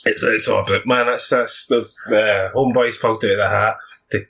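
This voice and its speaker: A man's voice: lowish voice, fairly even intonation, brisk, a bit bright, slightly rough. A young Scottish man co-hosting a football podcast, chatting casually, swearing and laughing often between rambling thoughts. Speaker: podcast co-host.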